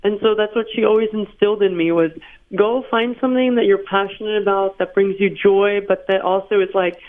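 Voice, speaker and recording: A woman in her thirties, interviewed by phone, telling stories in an animated way and laughing often. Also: mid-range voice, a little fast. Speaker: interview guest. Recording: tinny phone line.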